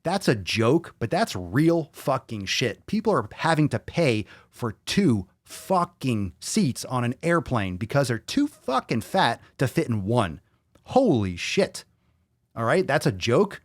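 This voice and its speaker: A man's voice: mid-range voice, no echo, studio quality. A man hosting a podcast, ranting bluntly and combatively with heavy swearing while reading viewer comments. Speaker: podcast host.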